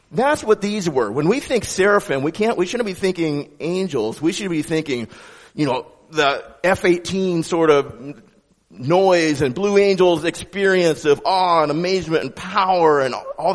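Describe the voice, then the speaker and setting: Male pastor, slightly higher voice, conversational animated sermon in a reverberant sanctuary. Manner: conversational, animated preaching with many restarts.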